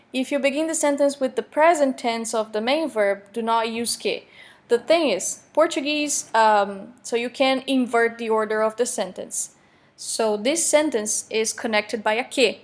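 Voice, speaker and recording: A woman, a Portuguese teacher explaining grammar in a recorded online lecture, with joking asides and slowly read examples. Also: a little high. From Brazil.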